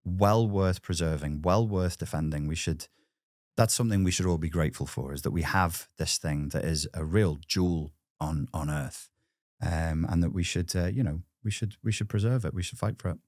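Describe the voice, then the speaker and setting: A man's voice: low voice, normal speed, darkish tone, no room sound, clean studio sound. A man with a Liverpool Scouse accent, speaking as an interview guest in a reflective, blunt way and swearing casually. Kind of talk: casual conversation.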